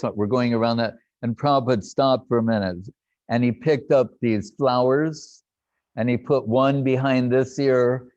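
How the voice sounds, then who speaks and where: An older man reminiscing in a lively storytelling talk, laughing and acting out what others said. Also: mid-range voice, dry recording. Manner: animated, laughing, acts out quotes. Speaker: devotee recounting memories. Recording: dull lo-fi dry sound.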